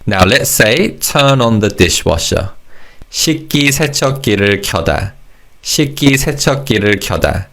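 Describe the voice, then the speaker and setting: Lively low-voiced male language teacher. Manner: encouraging, models words slowly for repetition. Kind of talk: scripted language lesson.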